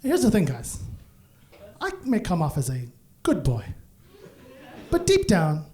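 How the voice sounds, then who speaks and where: Male stand-up comic, very lively pitch, animated, laughing through his story on stage. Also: unhurried. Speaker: stand-up comedian. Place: comedy stage.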